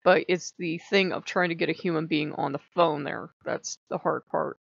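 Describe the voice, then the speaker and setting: Chatty woman with a gravelly edge. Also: low voice, steady tone, moderate pace, dry recording. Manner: rambling, chatty, laughs often. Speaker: spiritual vlogger. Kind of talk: casual chat. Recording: dry, slightly muffled lo-fi.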